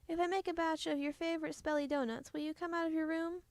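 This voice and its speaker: A woman voicing a shrill, sly witch mother who teases and cackles, reading a storybook aloud. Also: fairly even intonation, quick pace, no echo. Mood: tender.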